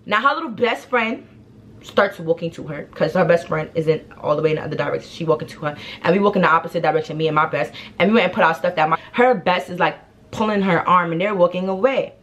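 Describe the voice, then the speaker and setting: A young woman telling a story in a casual, slangy, animated way, acting out what people said. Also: lowish voice, quick pace, a little hiss or hum. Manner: animated, slangy, acts out the quotes. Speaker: vlogger.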